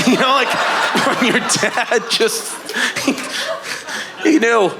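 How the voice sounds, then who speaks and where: A man's voice: high voice, very animated, slow, pauses often, crowd noise. A man doing a stand-up set on a comedy stage, riffing brashly with profanity and mimicking his father on a handheld mic. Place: comedy stage before a live audience.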